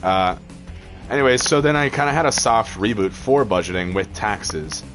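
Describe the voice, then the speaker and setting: A man's voice: lowish voice, expressive, moderate pace, a bit bright, soft background music. A man chatting casually over gameplay, rambling through a story with lots of fillers and laughs. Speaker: gaming channel host.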